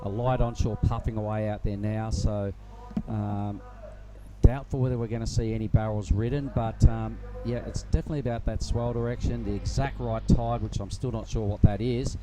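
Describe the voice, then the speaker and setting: A man commentating live surfing in a relaxed, rambling way. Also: fairly low pitch, moderate pace, very noisy. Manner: relaxed, rambling, many fillers. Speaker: surf commentator.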